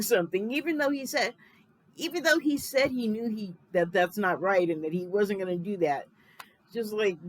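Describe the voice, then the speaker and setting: A woman in her fifties from Los Angeles gives a casual spoken film review at an ordinary mid pitch. She rambles, corrects herself and laughs lightly as she goes. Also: poor audio. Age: 50s.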